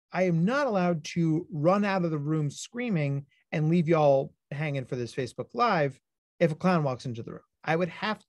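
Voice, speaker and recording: A man, a clinical psychologist, giving a high-energy livestreamed talk to parents, explaining ideas plainly and acting out lively stories to make his points. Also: dry recording, studio quality. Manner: high-energy, animated storytelling.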